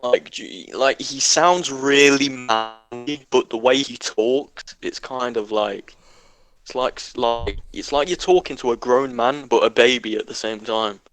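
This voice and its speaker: A man's voice: medium pitch, unhurried, fairly bright tone. A young man chatting casually as a podcast co-host, brash, swearing and repeating himself. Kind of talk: casual chat.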